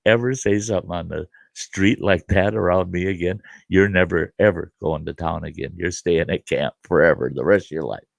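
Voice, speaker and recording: A man's voice: low-pitched, moderate pace, creaky, hardly any pauses, dry recording, voice pushed down. An older man quoting his exasperated wife as she scolds him. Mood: scolding. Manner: scolding, firm.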